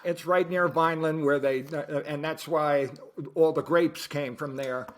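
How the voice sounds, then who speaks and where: A man with a slightly high voice chats casually on a podcast. He explains things with asides and loose, easygoing phrasing. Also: fairly even intonation, a little slow. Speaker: podcast co-host, parody band musician. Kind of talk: casual chat. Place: home studio.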